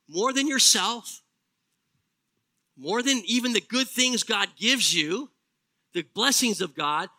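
A middle-aged male pastor delivering a Sunday sermon in a high, very bright voice. He preaches earnestly and slows right down to drive home key phrases. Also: poor audio.

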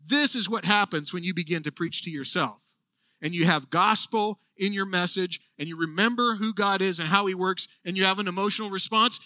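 A man preaches a sermon with an earnest, animated delivery. His voice is very high and bright, with a ringing edge. The sound is dry and close. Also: dry recording. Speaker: pastor.

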